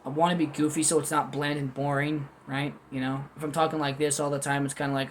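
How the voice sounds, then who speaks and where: A man's voice: fairly high pitch, little pitch movement, fast talker, slight background noise. A man talking freely and without a script as he reviews food at home, wandering from topic to topic with candid, goofy asides. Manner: rambling, candid, self-deprecating, goofy asides. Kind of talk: unscripted casual commentary.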